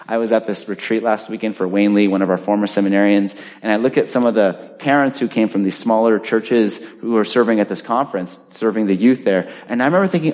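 A man's voice: on the low side, fast talker, darkish tone. A middle-aged man preaching a sermon as pastor, emphatic and full of rhetorical questions. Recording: reverberant hall.

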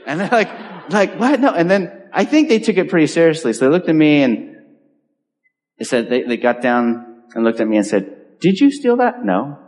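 A pastor from California preaches a sermon, animatedly telling a story and acting out the voices of the people in it. His voice is a little high and moves at a normal speed, with long hall reverb on the recording.

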